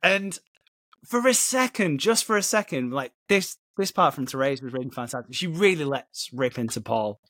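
A man hosting a casual podcast chat, animated, laughing and swearing freely. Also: medium pitch, moderate pace, dry recording, studio quality. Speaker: podcast host. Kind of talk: casual chat recapping a soap episode.

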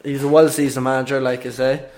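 A man's voice: mid-range voice, level tone, quick pace, darkish tone. A man co-hosting a casual football podcast, opinionated and emphatic. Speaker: podcast co-host.

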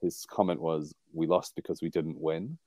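A man's voice: very deep voice, fairly even intonation, moderate pace, warm tone, no echo. A man from England co-hosting a rugby podcast in casual chat, rambling and wry, often laughing at his own jokes. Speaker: podcast co-host.

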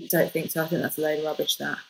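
A woman, a podcast guest, telling a personal story in a lively, jokey way. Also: low voice, rapid-fire, gravelly, rough recording. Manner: lively, jokey, animated retelling. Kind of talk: casual storytelling.

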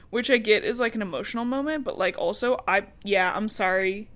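A woman's voice: medium pitch, fairly quick. Chatty woman recapping a book. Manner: loose and chatty, swears and laughs a lot. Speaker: podcast co-host. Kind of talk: casual book recap chat.

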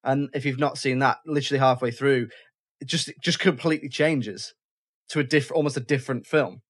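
A man's voice: medium pitch, fairly quick. A man leads a casual film chat in an ordinary mid-range voice. He talks in a loose, rambling way, stopping and restarting his sentences as he gathers his thoughts. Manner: chatty, self-interrupting, with frequent restarts. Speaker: podcast host.

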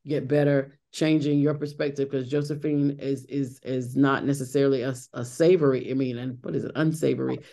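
A middle-aged Broadway actress chats through an interview, restarting often and using lots of fillers. Her voice is extremely low and warm, with a steady tone and a brisk pace that leaves few pauses.

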